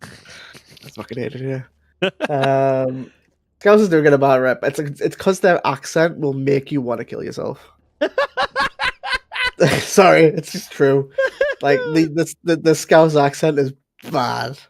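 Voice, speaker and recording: A man co-hosting a stream, blunt and teasing in casual banter and quick to laugh. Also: medium pitch, creaky, no echo. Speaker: co-host.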